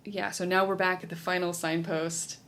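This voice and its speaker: A woman's voice: on the low side, level tone, moderate pace, fairly bright tone. A woman in her late thirties co-hosting a podcast, animatedly retelling film scenes in casual talk, full of "like". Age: late 30s. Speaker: podcast co-host.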